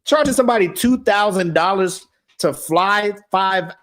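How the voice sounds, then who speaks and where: A man's voice: high-pitched, unhurried, a bit bright. A young man co-hosting a podcast, joking and swearing in casual chat. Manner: laid-back, joking, swearing. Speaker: podcast co-host.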